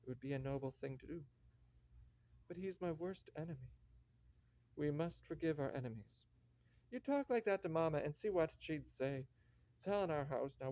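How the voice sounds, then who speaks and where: Gravelly man in a dramatic reading. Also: fairly high pitch, warm tone. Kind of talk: dramatic reading of a stage play. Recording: dull lo-fi recording.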